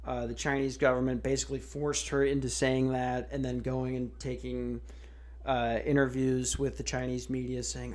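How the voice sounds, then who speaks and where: Speaking at a moderate pace with a flat, medium-pitched delivery, an American podcast host goes on a casual, comedic rant. It's rambling and full of profanity and sarcasm, with lots of restarts.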